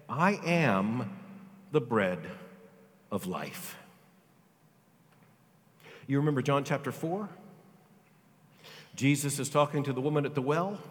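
Man preaching a sermon in a reverberant hall. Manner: dramatic preaching, swings from loud high emphasis to quiet low delivery. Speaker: pastor. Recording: long reverb of a large hall.

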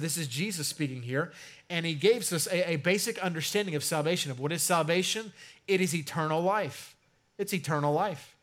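Conversational, slightly high-voiced male preacher. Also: fairly bright tone. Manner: conversational preaching with emphatic swells and drawn-out stresses. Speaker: pastor. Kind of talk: sermon.

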